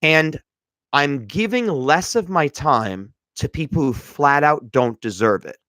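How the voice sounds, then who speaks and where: A man's voice: on the high side, animated, takes it slowly, fairly bright tone, dry recording. A man hosting a motivational podcast stream, talking to viewers in an emphatic, lecturing way and repeating his points. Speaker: podcast host. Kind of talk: motivational livestream talk.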